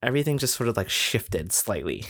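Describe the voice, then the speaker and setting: A man's voice: lowish voice, sing-song, a little fast, fairly bright tone, breathy edge, no room sound. Man, podcast co-host, casual chat, rambling storyteller, laughs a lot, dry close sound.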